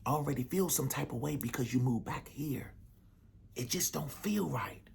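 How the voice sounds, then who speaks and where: A man voicing a worried, protective mother who speaks in a soft, half-whispered plea. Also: mid-range voice, normal speed, gravelly, husky, full character voice. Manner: hushed, half-whispered pleading.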